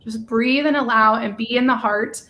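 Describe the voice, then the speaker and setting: A woman hosting a casual live-stream chat, bubbly and gushing, running off on quick tangents. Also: on the high side, fairly even intonation, sharp tone.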